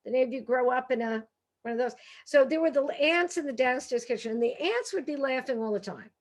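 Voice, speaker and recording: A middle-aged woman with a Brooklyn accent spins comic stories as an author and humorist. Her voice sits a little high and stays animated, full of asides. She is heard over a video call. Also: fairly quick. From Brooklyn, New York. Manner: lively, animated, chatty with many asides. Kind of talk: comic storytelling talk.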